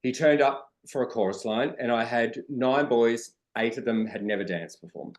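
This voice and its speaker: A man's voice: mid-range voice, moderate pace. A middle-aged Australian man, a drag performer and dance teacher, telling earnest stories as a podcast guest. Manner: earnest storytelling, acting out quoted dialogue. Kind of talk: conversational podcast interview.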